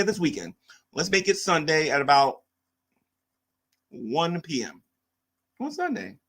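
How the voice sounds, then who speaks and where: A high-pitched man with a sharp tone rants casually on his live stream. He reads the chat aloud and goes after commenters, mocking them and arguing in a combative way.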